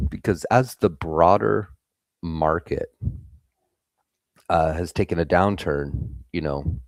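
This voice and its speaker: A man's voice: a bass voice, dry recording, clean studio sound. A young man hosting a live trading stream, giving blunt, casual market commentary and swearing freely.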